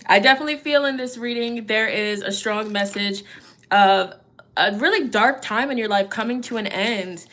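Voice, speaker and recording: A woman reads tarot in a relaxed livestream style, talking to her viewers directly. Her voice sits a little high, and she is chatty and encouraging. She fills her sentences with friendly asides. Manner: chatty, encouraging, peppered with "you know" and "okay?". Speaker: tarot reader. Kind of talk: casual livestream tarot reading.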